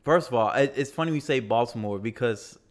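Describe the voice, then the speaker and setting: A man from the southern US hosts a casual interview. He keeps it laid-back, nodding along with quick "yeah"s and chuckles as he asks his questions. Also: mid-range voice. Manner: laid-back, laughs easily, short affirmations. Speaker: interview host.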